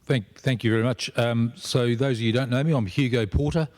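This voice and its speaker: A man in his fifties with a New Zealand accent, giving steady, explanatory panel remarks with frequent fillers. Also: medium pitch, a little fast. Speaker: panelist, aviation security regulator.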